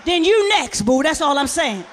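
A woman performing a stand-up comedy set on stage, talking straight to the crowd in a loud, animated way. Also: high-pitched, moderate pace, big-room sound. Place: comedy stage before a live audience. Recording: live crowd and room noise.

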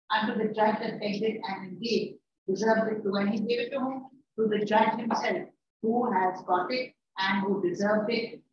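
Lady teacher, talks far from the mic, dull muffled recording. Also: medium pitch. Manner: paraphrases lines, repeats herself, scolds students. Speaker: English teacher. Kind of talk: classroom lecture. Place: classroom. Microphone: distant room mic. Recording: echoey, distant, dull and noisy.

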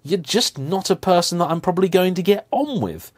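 A man hosting a car vlog, giving an animated, emphatic, playfully indignant rant to camera. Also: high voice, a little fast, husky. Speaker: car vlogger host.

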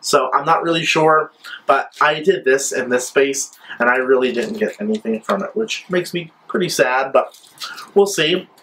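A man's voice: on the high side, expressive, moderate pace, fairly bright tone, a little hiss or hum, poor audio. A man chatting enthusiastically as he reviews scented wax melts in a casual vlog, gushing over each scent. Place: his new apartment.

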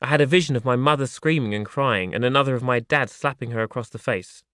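A man reading his memoir aloud in a soft, wry, reflective way. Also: medium pitch, fast talker, clear, resonant tone, no echo, studio quality. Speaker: audiobook narrator.

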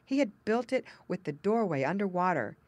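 A woman narrating a children's storybook aloud with expressive storytelling emphasis. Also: mid-range voice, moderate pace, no echo. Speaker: audiobook narrator.

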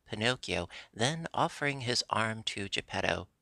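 A man narrating a classic storybook in a steady, measured way. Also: fairly low pitch, creaky, dry recording. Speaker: audiobook narrator.

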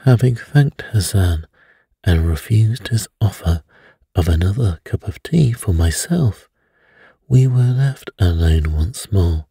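A man narrating a bedtime story in a slow, hushed storytelling manner. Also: sits low, lively intonation, creaky, slightly rough, no echo, clean studio sound.

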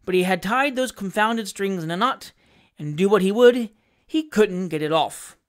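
This audiobook narrator is a woman whose mid-range voice reads a classic novel with measured pacing and expressive storytelling.

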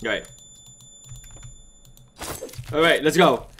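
A man giving frantic, excitable gaming commentary and chatting with his viewers as he plays. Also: a little high, extremely slow, a little hiss or hum. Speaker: let's play gamer.

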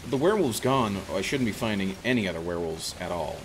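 A man's voice: lowish voice, lively intonation, quick pace, noisy background. A man streaming a video game, chatting casually and rambling with many restarts and self-corrections. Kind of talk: casual gameplay commentary.

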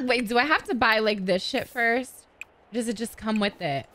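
A woman hosting casual gameplay commentary, loud, excitable and crude. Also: a little high, moderate pace, background noise. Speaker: gaming host.

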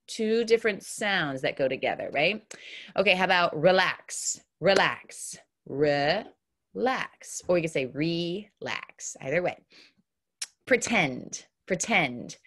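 Kindergarten teacher, woman: slow, deliberate sounding-out, bouncy lively pitch, upbeat and encouraging. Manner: slow, clear, exaggerated word modeling. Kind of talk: online phonics lesson for young children.

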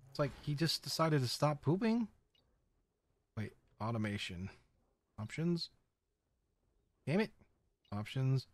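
A man giving casual running commentary as he plays a video game, talking to his viewers and often bursting into excited exclamations. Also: medium pitch, no echo. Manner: excitable, squeals often, chatty. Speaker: game streamer.

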